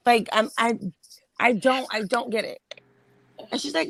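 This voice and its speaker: A fairly high-voiced woman, talking with casual bluntness and plenty of swearing. Her voice sounds dry and close, with no room echo. She tells the story in an exasperated, matter-of-fact way. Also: measured pace, gravelly, long pauses, fairly bright tone. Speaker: host. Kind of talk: casual livestream chat.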